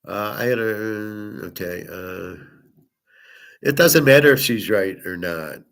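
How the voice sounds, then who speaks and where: A man's voice: fairly low pitch, slow, fairly bright tone. A middle-aged man hosting a casual monologue, telling a personal story in a blunt, profane way. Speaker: host.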